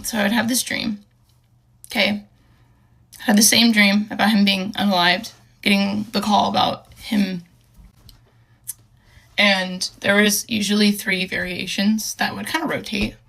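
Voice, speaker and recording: A young woman with a bright, forward voice recounts a personal story in a casual way. She talks haltingly, stops and restarts often, and sounds earnest and emotional. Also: medium pitch. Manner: halting, hesitant, with many fillers and restarts.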